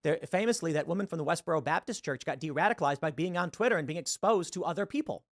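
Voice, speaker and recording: A man delivering a political commentary monologue in a rapid, preachy and urgent way. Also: fairly high pitch, expressive, no room sound, clean studio sound.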